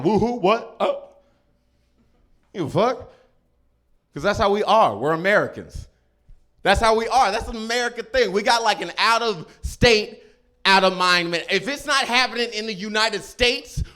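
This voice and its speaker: A man doing a stand-up set on a club stage, jumping into loud shouted quotes. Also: high voice. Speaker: stand-up comedian. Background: live audience.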